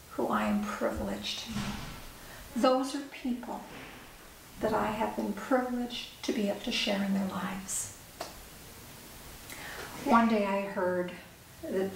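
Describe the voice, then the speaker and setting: A middle-aged woman, an author, telling a personal story in an earnest, measured way with pauses. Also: mid-range voice. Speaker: author and speaker. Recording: echoey room, distant mic, faint hiss.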